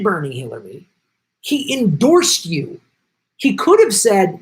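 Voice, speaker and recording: A man's voice: high voice, huge pitch swings, a little slow, low-quality recording. A man hosting a political commentary show, ranting with indignant sarcasm and emphatic repetition.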